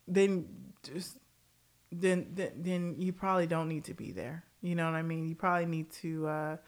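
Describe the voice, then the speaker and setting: A woman's voice: fairly low pitch, level tone, normal speed. A woman hosting a casual pop-culture commentary show, blunt and profane, laughing often and jumping between tangents.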